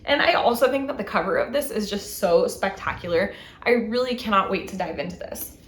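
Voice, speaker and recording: A book channel host in her thirties, she has a mid-range, animated voice with a fairly bright tone and talks a little fast. The recording is reverberant. In her book haul vlog she enthusiastically chats about each new title and reads the back covers.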